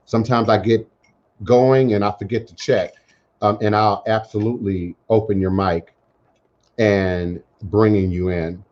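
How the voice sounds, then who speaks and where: A man hosting a call-in talk radio show, speaking in measured, emphatic, repeated phrases. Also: on the low side, fairly even intonation, darkish tone. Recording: dull lo-fi internet radio audio.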